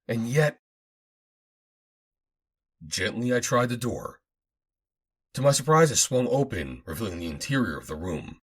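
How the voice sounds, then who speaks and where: A man reading a first-person adventure audiobook aloud, in a dramatic, expressive manner. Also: on the low side, measured pace, long pauses, breathy edge. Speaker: audiobook narrator.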